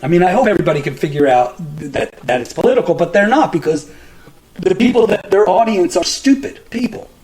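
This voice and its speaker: Animated, high-pitched man ranting. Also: a little fast, poor audio. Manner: profane, exasperated, stumbling restarts. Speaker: podcast host. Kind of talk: casual ranting commentary.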